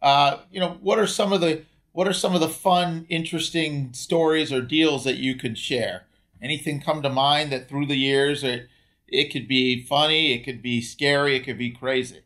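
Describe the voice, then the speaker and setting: A man hosting an interview podcast, jumping in with quick reactions and long, rambling questions. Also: a little high, steady tone, fairly bright tone. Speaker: podcast host. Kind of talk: casual interview conversation.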